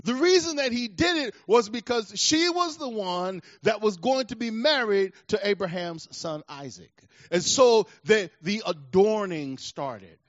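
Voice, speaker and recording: A pastor preaching a sermon in a church, emphatic and repeating phrases to drive points home. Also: male voice, sits high, animated, unhurried, a bit bright, no room sound, dull audio.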